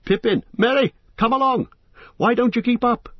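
A man's voice: very high voice, moderate pace, slightly rough, no echo, muffled recording, voice pushed up. A man voicing a frightened young male hobbit, calling out frantically through fog for his lost friends. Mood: frantic shouting. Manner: shouting frantically into the distance.

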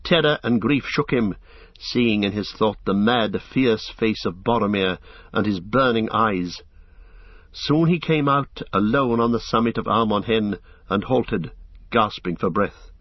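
A man reading an audiobook as narrator, in measured, even storytelling. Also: lowish voice, no room sound. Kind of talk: scripted narration. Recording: slightly dull lo-fi recording.

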